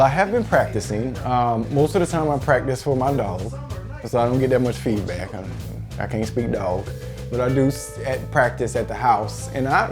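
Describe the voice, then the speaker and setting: A new comedian with a country Southern US accent, speaking candidly and crudely in an interview. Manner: candid and crude, jumps into high voices in quotes. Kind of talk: confessional interview. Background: music bed.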